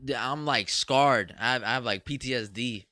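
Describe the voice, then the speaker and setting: A man's voice: mid-range voice, normal speed, pushed and bright, dry recording, clean studio sound. A young man from Cuba co-hosting a podcast, telling loose, profane stories in casual chat. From Cuban. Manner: loose, profane storytelling with laughs. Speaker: podcast co-host.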